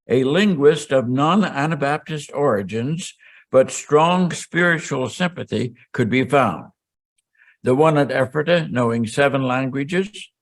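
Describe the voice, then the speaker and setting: Older male lecturer, reads prepared text, then wanders off into hesitant asides. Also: medium pitch. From Pennsylvania. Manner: rambling, hesitant asides with many ums and restarts. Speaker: seminar lecturer. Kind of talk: historical lecture. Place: college lecture hall.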